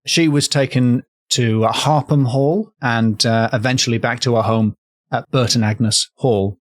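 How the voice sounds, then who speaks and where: A man's voice: mid-range voice, steady tone, measured pace, no room sound. Dry-voiced man spinning a rambling folk tale. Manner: rambling, self-correcting, playful. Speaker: podcast host, storyteller. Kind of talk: comedic folklore storytelling.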